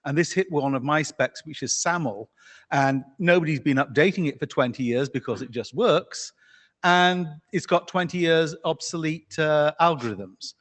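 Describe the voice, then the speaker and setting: A man's voice: fairly high pitch, normal speed, a bit bright. A man speaking earnestly and a little rambling at an open microphone during a standards meeting discussion. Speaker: meeting participant. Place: large meeting hall. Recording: long hall reverb.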